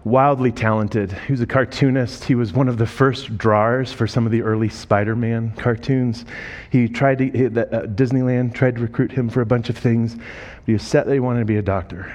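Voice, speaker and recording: Man, sermon storytelling, conversational, quotes people, middle pitch. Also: steady tone, fairly quick, few pauses, darkish tone. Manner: emotional, voice rising and breaking when moved. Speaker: speaker telling ministry stories.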